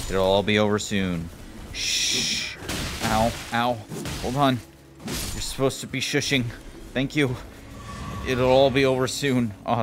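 A man giving jokey, excitable commentary while playing a game, swearing and talking to enemies. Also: mid-range voice. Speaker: gameplay commentator. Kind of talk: casual let's-play commentary.

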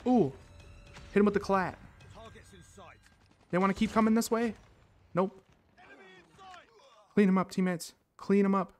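A man hosting a gaming channel, giving casual commentary on his own match with excited reactions and playful catchphrases. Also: high-pitched, measured pace, long pauses.

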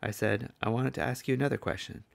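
A man's voice: medium pitch, steady tone, quick pace, creaky. An older man from the States, preaching a sermon in an earnest storytelling manner. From southern United States. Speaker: evangelist preacher.

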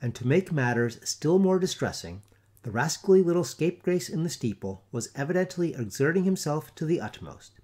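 A man reading a classic tale aloud in a theatrical, expressive storytelling manner. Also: fairly high pitch, fairly quick. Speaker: audiobook narrator. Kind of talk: scripted story narration.

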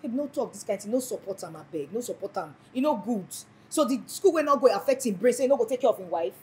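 Actress as a bitter, envious Nigerian wife. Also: female voice, a little high, animated, fast, a little mellow, natural voice, rough recording. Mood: irritated. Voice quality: repeats herself, mixes in Pidgin. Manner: dramatic, dismissive complaining. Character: frustrated married woman, envious and bitter. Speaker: wife complaining about her husband. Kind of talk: Nollywood film acting.

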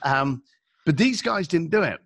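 A middle-aged man with a London accent tells a story as a podcast guest, acting out each person in it with lively swings of pitch. His voice has a gravelly edge, and the recording is close and dry. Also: measured pace, no room sound. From England. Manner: animated storyteller acting out dialogue.

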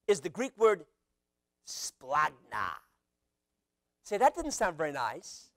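Guy preaching a sermon, pretty high voice, lively, shouts out the quotes, dry close sound. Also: no room sound. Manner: animated preaching, acting out quotes with sudden loud shouts. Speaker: pastor.

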